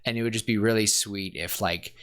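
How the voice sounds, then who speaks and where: Excited low-voiced man gushing on a podcast. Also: a little fast, smooth. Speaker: podcast co-host. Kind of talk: casual chat.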